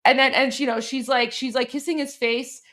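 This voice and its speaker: A woman's voice: high-pitched, steady tone, moderate pace, fairly bright tone, slight background noise. A Canadian woman hosting a live stream, chatting casually and translating a clip with many fillers. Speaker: host. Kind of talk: casual commentary.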